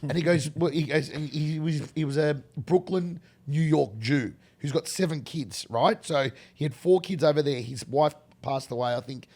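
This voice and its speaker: A middle-aged Australian man, a guest in a casual interview, telling rambling animated stories with many restarts. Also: fairly high pitch, normal speed, few pauses.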